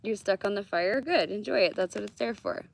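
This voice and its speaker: Gravelly, chatty woman reading cards. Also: medium pitch, a little fast. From Canada. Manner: chatty, swears freely, laughs often. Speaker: tarot card reader. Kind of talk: casual live-stream card reading. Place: outdoors by a fire.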